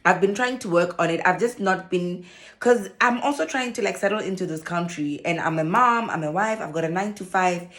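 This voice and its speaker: Animated South African woman vlogger. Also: on the low side, a little fast. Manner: animated storyteller, laughs often. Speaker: vlogger and social worker. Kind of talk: casual chat to camera.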